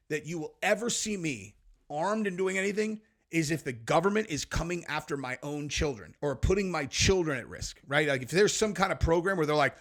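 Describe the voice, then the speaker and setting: A man's voice: a little high, expressive, fairly quick, a bit bright. Fired-up man ranting. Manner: emphatic, ranting, casual slang. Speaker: podcast host. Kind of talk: heated political commentary.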